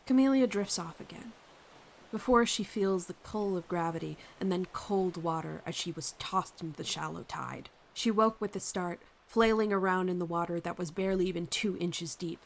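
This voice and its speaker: Calm woman narrating a fan story. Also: on the low side, moderate pace, creaky. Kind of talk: reading a fan story aloud.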